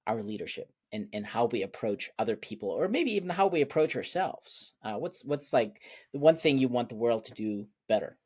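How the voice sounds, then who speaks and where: A man's voice: medium pitch, animated, brisk, hardly any pauses, dark tone, slightly rough. A man from Germany hosts an interview in a medium voice. He asks reflective follow-up questions and often repeats words while he finds his thought. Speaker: interview host. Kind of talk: interview conversation.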